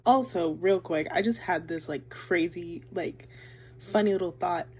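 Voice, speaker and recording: A young woman with a fairly low, darkish voice speaks unhurriedly in a casual vlog, gushing about a musical. She's chatty and says "like" a lot.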